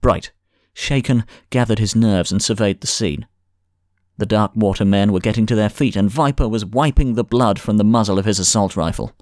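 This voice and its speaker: Low-voiced man narrating a thriller. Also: darkish tone, no room sound, clean studio sound. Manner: measured, dramatic storytelling. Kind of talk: scripted audiobook narration.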